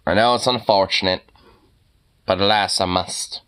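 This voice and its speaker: A man's voice: deep voice, fairly even intonation, moderate pace, a bit bright, clear, resonant tone. A young man streaming, ranting in casual chat, swearing a lot and laughing often.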